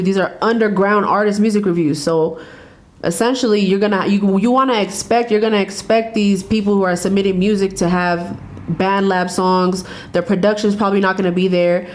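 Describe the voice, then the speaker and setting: A woman from El Paso, a music reviewer and artist, talking bluntly and casually with lots of swearing as a podcast guest. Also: mid-range voice. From El Paso, Texas. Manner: blunt, profane, and self-assured. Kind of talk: casual interview chat.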